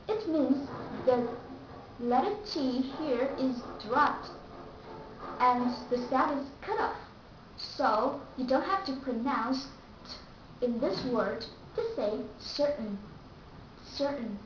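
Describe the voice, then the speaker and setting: High-voiced woman teaching, echoey. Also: a little hiss or hum. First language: Vietnamese. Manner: slow, careful, repeats example words. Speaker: English pronunciation teacher. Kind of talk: online pronunciation lesson. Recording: echoey room, distant mic, dull and lo-fi.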